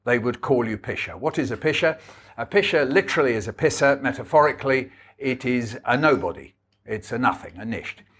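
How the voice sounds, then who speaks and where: An older man talks through his memories at a book event. His delivery is wry and anecdotal, unhurried, sitting at an ordinary middle pitch. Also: animated, a bit bright, husky. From England. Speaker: author guest. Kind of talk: storytelling book talk.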